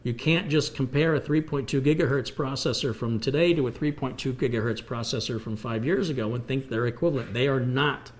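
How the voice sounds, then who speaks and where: Brisk and medium-pitched, this American man runs a live computer repair stream with few pauses. He answers viewer questions and explains hardware through everyday analogies.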